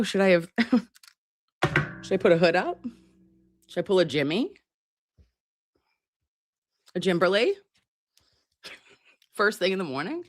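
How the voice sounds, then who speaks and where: A woman's voice: medium pitch, no echo. A woman hosting a casual live stream, chatting to her viewers in a playful, teasing and profane way. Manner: animated, swooping delivery.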